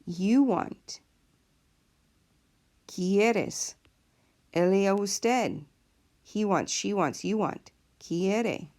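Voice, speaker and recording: A woman's voice: mid-range voice, extremely slow, pauses often, a little mellow. A woman teacher explaining a lesson patiently, step by step, in a recorded classroom video. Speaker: Spanish teacher.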